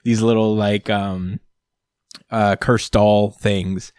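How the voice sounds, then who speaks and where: A man's voice: lowish voice, flat delivery, slow pace, a little mellow, clean tone, no echo, studio quality. Chuckling man in a casual recap. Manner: rambling with frequent fillers and chuckles. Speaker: podcast host. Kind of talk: casual manga chapter recap.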